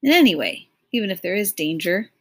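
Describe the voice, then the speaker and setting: A brisk, self-assured man, as a woman narrator puts him on in a storybook reading, sounding dismissive and sure of himself. He speaks a little lower than the storyteller's own voice, in a plain middle register. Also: big pitch swings. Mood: confident. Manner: confident, dismissive.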